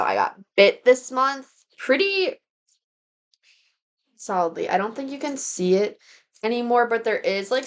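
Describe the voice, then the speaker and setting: A young woman in her twenties chatting casually to camera in a rambling monthly recap, full of "like" and "um". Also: medium pitch. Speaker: vlogger.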